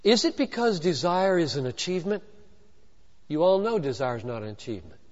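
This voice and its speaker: High-voiced man preaching in an echoing hall. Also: sing-song, brisk. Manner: emphatic, swings from hushed to loud; rhetorical questions and repetition. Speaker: pastor. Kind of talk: sermon. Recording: dull lo-fi recording in a long-reverb hall.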